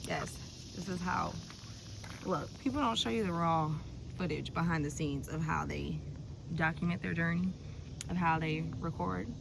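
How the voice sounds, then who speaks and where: A woman's voice: lowish voice, normal speed, creaky, noisy background. A young woman chatting casually and rambling in a vlog about living in her car, recorded on a propped-up phone. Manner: rambling and emotional, lots of "like" and "y'all".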